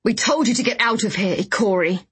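A woman's voice: medium pitch, lively intonation, fairly quick, husky. A woman voicing a hostile male colonist guard who barks brusque orders in a storybook reading. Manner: shouting, brusque.

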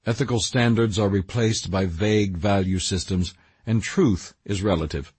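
Husky low-voiced man reading earnestly. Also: darkish tone, no echo. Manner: earnest, measured reading with emphatic rises. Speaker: audiobook narrator. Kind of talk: scripted narration of a Christian book.

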